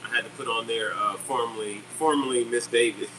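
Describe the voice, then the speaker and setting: A man's voice: medium pitch, a little fast, distant mic. A middle-aged man hosting a casual live stream, chatty and upbeat as he answers viewers' comments. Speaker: livestream host selling fishing jigs. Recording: steady air conditioner hum behind.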